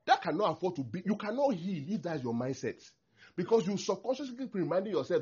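A man, a pastor preaching a sermon in an animated way, acting out prayers and laughing often. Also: sits high, fast talker, husky. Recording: dull lo-fi recording.

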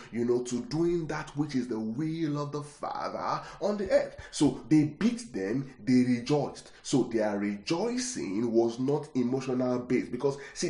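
A man's voice: mid-range voice, dark tone. A man preaching a sermon, repeating words for emphasis and checking in with rhetorical questions. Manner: keeps asking the congregation rhetorical questions. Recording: echoey room.

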